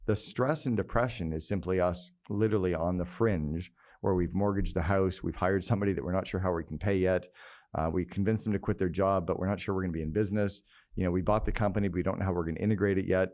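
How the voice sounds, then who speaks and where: A middle-aged man appears as a guest business mentor on a podcast interview. He talks fast in a low voice, sharing candid, energetic anecdotes.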